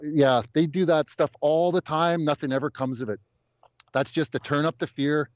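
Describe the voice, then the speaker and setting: A man's voice: fairly high pitch, moderate pace, dry recording, muffled recording. A man calling in to a casual talk show, blunt and exasperated, often stammering as he restarts his sentences. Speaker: caller. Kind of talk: casual call-in chat.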